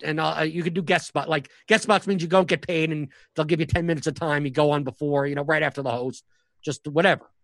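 A man's voice: on the high side, steady tone, brisk, fairly bright tone, dry recording. A man who is a stand-up comic, telling stories in a casual podcast conversation, rambling with many restarts and fillers. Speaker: stand-up comic and professional poker player.

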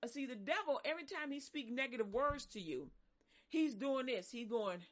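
A woman preaching, her voice a touch high. She is animated and dramatic, swings between loud, soaring lines and soft, low ones, and acts out voices as she goes. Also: moderate pace. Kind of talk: sermon.

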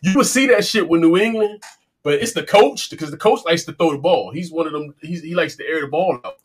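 A man's voice: a little high, fairly quick, slightly rough. A man co-hosting a casual sports chat, rambling with restarts, casual and profane. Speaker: co-host.

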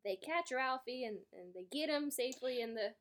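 Rambling woman recapping a story, slightly high. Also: animated, normal speed, a bit bright. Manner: rambling, laughs often. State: tipsy, slurring a little. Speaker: podcast co-host.

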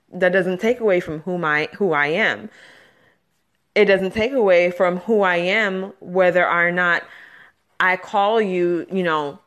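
A woman in her thirties talks through a self-help podcast in an earnest, conversational way. Her voice sits a little low, and her casual speech is full of "you know"s and light laughs. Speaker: podcast host.

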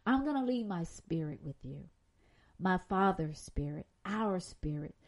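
A woman preaching a sermon, dramatic, moving between loud emphasis and soft reflection. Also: fairly low pitch, lively intonation, a little slow.

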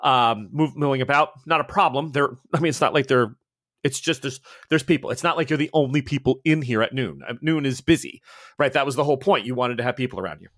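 A man's voice: mid-range voice, quick pace, fairly bright tone. A man narrating a tabletop horror game as game master, casual and rambling, laughing often.

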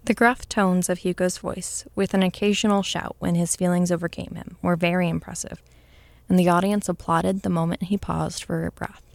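Low, gravelly woman narrating a story. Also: dry recording. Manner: measured, expressive reading.

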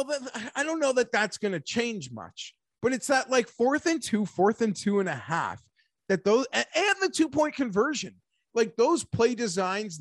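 A man hosting a casual sports talk show, animated and rambling, talking like an emphatic fan. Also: high-pitched, dry recording, clean studio sound. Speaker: sports podcast host.

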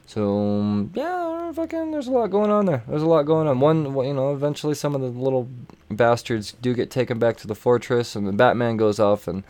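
A man's voice: mid-range voice, darkish tone. A man casually recapping comic books, rambling and swearing freely, with many fillers and restarts. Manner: rambling, profane, with frequent fillers. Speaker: comic book reviewer.

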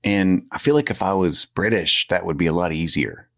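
A man's voice: low-pitched, normal speed, creaky, fairly bright tone. A man co-hosting a podcast, joking and riffing casually with laughing asides. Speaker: podcast co-host. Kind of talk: casual chat.

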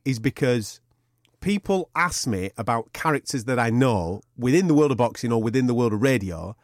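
A man's voice: mid-range voice, moderate pace, dry recording, clean studio sound. A man, co-hosting a podcast and telling a long sweary anecdote in casual chat. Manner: animated anecdote with sweary banter and laughter. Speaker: podcast co-host.

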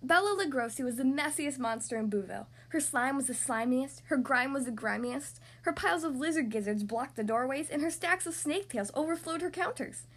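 A woman reading a children's picture book aloud in an expressive, sing-song way. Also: high voice, a little fast, hardly any pauses. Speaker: storyteller.

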